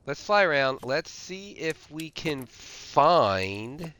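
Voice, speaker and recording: A man's voice: fairly high pitch, sing-song, slow pace, bright, forceful tone, clear, resonant tone. A man streaming a survival game, casually thinking aloud with lots of fillers and restarts. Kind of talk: casual gameplay commentary.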